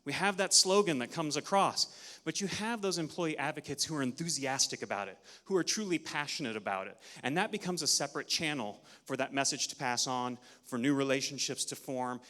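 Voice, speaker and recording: A man giving an energetic, interactive talk at a conference, leading the audience through counts, a little out of breath. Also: medium pitch. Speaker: conference speaker. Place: large conference hall. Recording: long hall reverb.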